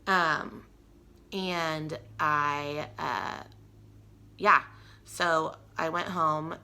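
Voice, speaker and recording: Chatty young woman, low and gravelly. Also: fairly even intonation, drawn-out words, sharp tone. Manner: chatty, lots of "like" and restarts. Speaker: vlogger. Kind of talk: personal storytelling to camera.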